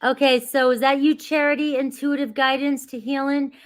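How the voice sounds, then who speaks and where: A woman's voice: high voice, flat delivery, moderate pace. A woman doing a casual livestream as a tarot reader, chatty and reassuring, greeting viewers by name and laughing often. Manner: reassuring, grounding spiritual guidance.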